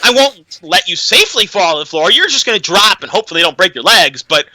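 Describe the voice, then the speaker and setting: A man's voice: sits high, big pitch swings, fast, pushed and bright, exaggerated voice, rough recording. A man voicing a smug, hot-tempered male wizard guardian in a sarcastic, mocking way.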